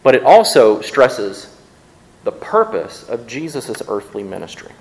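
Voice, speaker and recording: A man preaching a sermon from the pulpit of a church, his pitch rising and falling with lively, animated inflection. He talks to the congregation in a conversational way, often stumbling into quick word repeats before landing his point. His voice sits in a middle register for a man. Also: low-quality recording. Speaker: pastor.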